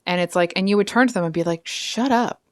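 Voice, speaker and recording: A woman's voice: on the low side, rapid-fire, no room sound, clean studio sound. A woman giving a casual tarot reading, chatty and rambling, with frequent asides and apologies. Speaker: tarot reader.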